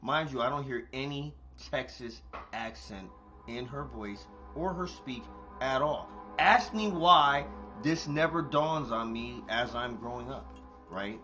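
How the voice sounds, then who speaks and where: At home, eating with a cat nearby, a podcast host delivers a late-night monologue directly to his listeners over soft background music. His mid-range voice is slow, bright, and forceful, and he swears freely, laughs often, and repeats his points for emphasis.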